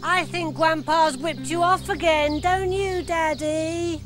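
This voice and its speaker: A man doing a loud, squeaky little boy. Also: fairly even intonation, slow pace, over music. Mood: cheeky. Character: young boy, loud precocious and cheeky. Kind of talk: storybook character voice.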